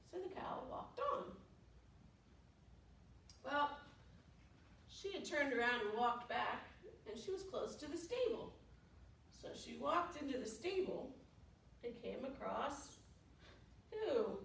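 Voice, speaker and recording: A woman's voice: high voice, lively intonation, a little slow, creaky, long pauses, fairly bright tone, a little hiss or hum. Sing-song woman reading to preschoolers. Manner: sing-song, asks the children questions. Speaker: children's librarian. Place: library room. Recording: roomy room, voice from a distance.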